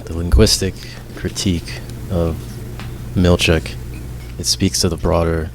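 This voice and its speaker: A man co-hosting a casual TV discussion podcast, talking in a measured, analytical way with some fillers. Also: deep voice, flat delivery. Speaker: podcast co-host. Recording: faint background noise.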